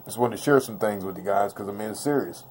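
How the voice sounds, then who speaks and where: A man's voice: fairly low pitch, quick pace, darkish tone, a little hiss or hum. A man giving a casual, slangy dice-throwing tutorial in a blunt, intense way, repeating his points off camera. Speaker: craps dice-control instructor. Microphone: off-camera voice, face never shown.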